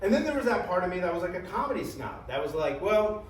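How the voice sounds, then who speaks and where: A man telling a comic story in an animated, profane style, full of "like" and "right?". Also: high-pitched, quick pace, slight background noise. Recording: echoey room, distant mic, faint ambience.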